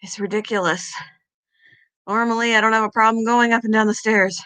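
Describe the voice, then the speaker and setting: A woman's voice: on the high side, flat delivery, quick pace, pushed and bright, clean tone. A woman hosting a casual livestream from home, rambling and chatting while she climbs stairs, out of breath and now and then coughing. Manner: chatty, rambling, talks to her dog. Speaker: livestream host.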